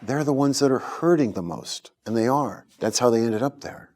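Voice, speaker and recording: A middle-aged man from the United States, an interview guest telling his life story in an earnest, animated way, acting out the voices of people he quotes. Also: mid-range voice, moderate pace.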